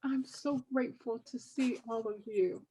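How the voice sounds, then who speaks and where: A woman's voice: a little high, fairly even intonation, measured pace, mellow, breathy edge, rough recording. An older woman, a poet, reading reflectively and devoutly from her book to an audience. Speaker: poet and author.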